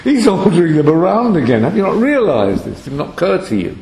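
A man's voice: fairly high pitch, very animated, fast, a little mellow, echoey room, slight background noise, rough recording. A man giving a scripture lecture, reading Hebrew verses and then translating and explaining them. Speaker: Bible lecturer.

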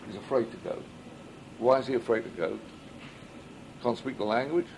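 A man's voice: medium pitch, moderate pace, gravelly, darkish tone, slight background noise, rough recording. A man teaching a Midrash class as a rabbi, reading Hebrew and then translating it, and asking rhetorical questions that he answers himself. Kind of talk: Midrash study lesson.

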